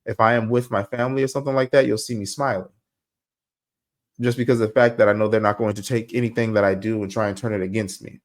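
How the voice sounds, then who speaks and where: A young man hosting a podcast, talking casually and telling stories in a slangy, animated way. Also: fairly low pitch, fast. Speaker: podcast host. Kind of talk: casual monologue.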